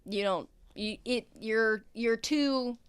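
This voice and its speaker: A woman's voice: fairly high pitch, slow, clear, resonant tone, no room sound, clean studio sound. A woman running a tabletop game as game master, talking casually with many hesitations.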